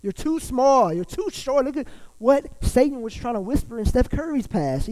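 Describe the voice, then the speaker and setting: A man's voice: very high voice, lively intonation, moderate pace, a little mellow, rough recording. A male pastor preaching a sermon in a loose, conversational way, full of fillers and restarts.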